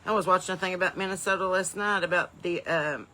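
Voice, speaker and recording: Woman comedian, crisp and sharp-toned, runs a casual live stream from her porch with an upbeat, folksy flow. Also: lowish voice, fairly even intonation, quick pace, a little hiss or hum. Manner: folksy, upbeat, bursts of loud welcomes between rambling asides. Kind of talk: chatty live-stream greetings to viewers. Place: home porch in the evening.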